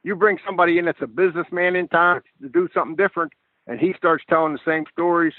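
An older man tells football stories in a lively, stop-and-start way, often doubling his first words. His voice sits fairly high for a man. It comes through a dry, tinny, phone-like line. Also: fast, no echo. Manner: animated storyteller, repeats words when starting a thought. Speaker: guest football coach. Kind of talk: telling stories in a podcast chat.

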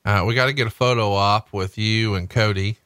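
A man's voice: lowish voice, fairly even intonation, brisk, a bit bright, no echo, clean studio sound. A man hosting a casual podcast, enthusiastic and full of "like" and "I mean". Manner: enthusiastic, listing things, filler "like".

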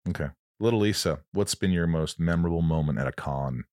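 Man, very low voice, middle-aged, casual storytelling, dry close mic. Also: a little fast, darkish tone, no room sound. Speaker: co-host. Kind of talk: casual chat, reading fan questions.

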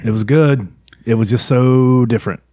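A man trading crude, teasing banter as a podcast co-host. His voice is mid-pitched and the sound is dry and close, with no room around it. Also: moderate pace, mellow, dry recording. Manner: profane, teasing.

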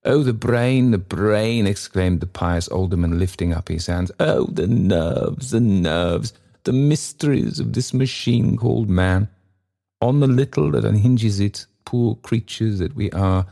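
A man's voice: low voice, monotone, moderate pace, gravelly, few pauses, dark tone. A man voicing a smug, pompous male alderman who speaks in sanctimonious tones.

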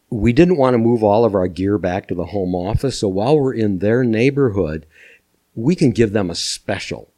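Older man with a low voice, telling lively stories. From Minnesota. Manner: animated anecdote-telling, chuckling. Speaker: podcast guest. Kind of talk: storytelling interview.

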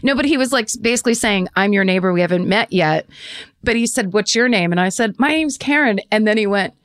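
A woman's voice: mid-range voice, animated, fast, fairly bright tone, no echo, clean studio sound. A woman in her forties co-hosting a podcast from home over a video call, telling stories in a casual, laughing way. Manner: chatty storyteller, laughs often. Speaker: podcast co-host. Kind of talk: casual chat. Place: home room. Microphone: remote video call.

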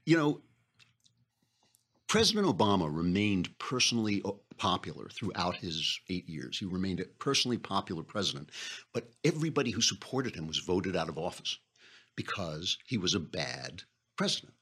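Sarcastic male podcast host, husky and animated, quick to laugh. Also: deep voice. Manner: sarcastic, chatty, laughs often. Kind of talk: political commentary podcast.

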